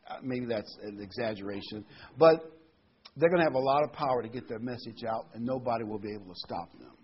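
Husky man preaching with emphasis. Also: medium pitch, fairly quick, lo-fi sound. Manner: emphatic, reads and stresses scripture words. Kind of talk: sermon.

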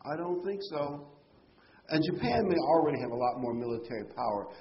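A man's voice: on the high side, lively intonation, brisk. A man preaching a sermon to a congregation, emphatic and full of rhetorical questions. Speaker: pastor. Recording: roomy, dull hall sound.

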